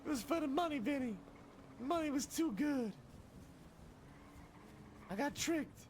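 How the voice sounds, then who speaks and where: A man voicing a melodramatic male betrayer, pleading in an overwrought, high voice. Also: expressive, unhurried, a little hiss or hum.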